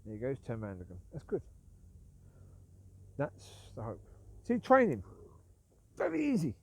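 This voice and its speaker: A man's voice: medium pitch, huge pitch swings, a little slow, creaky, slightly rough. Aggrieved man rambling on his own vlog. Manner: repetitive, aggrieved, self-justifying. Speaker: vlogger. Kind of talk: rambling casual monologue.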